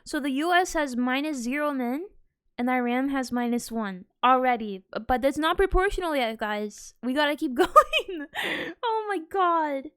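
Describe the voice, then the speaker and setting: A woman reacting to a video as a streamer, excitable, exclaiming and laughing often. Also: high voice, normal speed, smooth, no room sound, studio quality. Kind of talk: casual reaction commentary.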